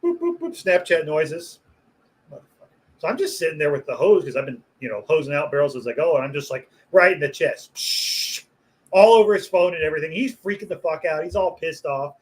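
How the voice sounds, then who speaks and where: Guest butcher, a man with a slightly higher voice, telling rowdy, profane shop stories in a loose, animated podcast chat and laughing along with them. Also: quick pace, low-quality recording. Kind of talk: casual storytelling chat.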